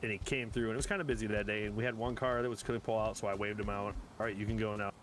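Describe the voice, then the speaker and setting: A man in his forties, a streamer telling animated, exasperated stories in casual chat while gaming, with some swearing. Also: lowish voice, racing, slight background noise.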